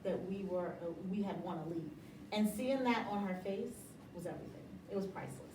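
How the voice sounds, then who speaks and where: A woman's voice: mid-range voice, a little fast, roomy sound, far from the mic, noisy background. A middle-aged woman talking about running her business in a casual interview, emphatic and motivational, often laughing. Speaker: interview guest, business owner.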